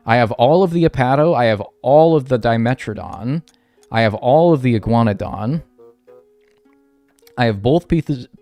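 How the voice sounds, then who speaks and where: It's a casual livestream: a man plays a video game, talks to his chat and goes on mock-serious rants. His voice is mid-range and warm.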